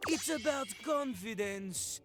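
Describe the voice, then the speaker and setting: Theatrical toilet character for a game, high and lively voice, lectures then sings rap. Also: male voice, slow pace, over music, exaggerated voice. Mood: lecturing. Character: pompous French male toilet rapping teacher.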